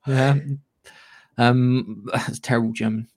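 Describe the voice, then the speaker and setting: A man's voice: medium pitch, fairly even intonation, unhurried. A man co-hosting a casual gaming news podcast, chatty and rambling, with casual swearing. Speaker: podcast co-host.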